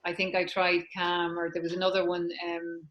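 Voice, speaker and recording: A woman's voice: lowish voice, completely flat delivery, normal speed, fairly bright tone, reverberant, muffled recording. A woman host asking questions in a casual, somewhat hesitant chatty way. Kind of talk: casual chat.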